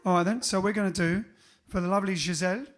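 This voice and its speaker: A high-voiced man chats breezily between songs as he leads his band's livestream. He bounces from joke to joke, tossing in bits of mock French. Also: fairly even intonation, quick pace, over loud music. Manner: chatty, playful, jokes in mock French. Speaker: bandleader and singer hosting a livestream. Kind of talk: casual chat between songs.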